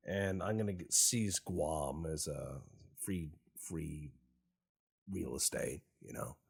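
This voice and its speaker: Husky deep-voiced man, wry game commentary. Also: a little mellow. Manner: wry, meandering and sarcastic. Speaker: gaming YouTuber. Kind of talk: casual gameplay commentary.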